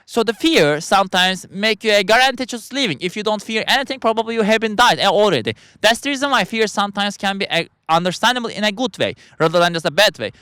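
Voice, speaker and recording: Man, high voice, philosophical monologue, halting, non-native English, dry close sound. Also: animated, bright, forceful tone, clean tone, no room sound. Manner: halting, rambling, frequent restarts; speaks English as a second language. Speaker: podcast host.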